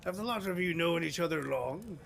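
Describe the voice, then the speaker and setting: A man doing a gravelly old hound-keeper. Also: a little high, expressive, brisk, a bit bright, slight background noise, voice pushed up. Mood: genial. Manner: folksy, calls others lad.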